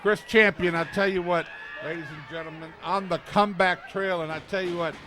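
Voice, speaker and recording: A high-pitched man does color commentary on a wrestling broadcast. He plugs upcoming events and praises the wrestlers in a folksy, hyped-up drawl full of "I tell you what". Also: steady tone, fairly quick, crowd noise.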